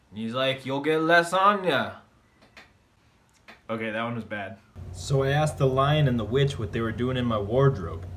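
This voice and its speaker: A man delivering short pun jokes one after another, with quick voiced asides. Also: medium pitch, pushed and bright, slight background noise. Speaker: comedy video host. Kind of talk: deadpan one-liner joke delivery.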